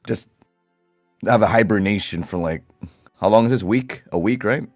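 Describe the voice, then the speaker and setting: A man's voice: fairly low pitch, normal speed, a little mellow, no room sound, clean studio sound, faint music behind. A man playing a tabletop role-playing game, rambling playfully about what his character does. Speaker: player. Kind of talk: tabletop role-play narration.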